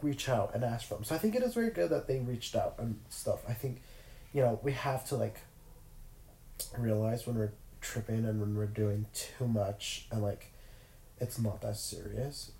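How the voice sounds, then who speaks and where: Nasal, sick young man with a mellow voice. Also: mid-range voice, echoey room, slight background noise, rough recording. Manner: rambling, filler-heavy, self-interrupting. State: sick with a cold. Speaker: podcast host. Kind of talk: casual solo chat. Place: in bed at home.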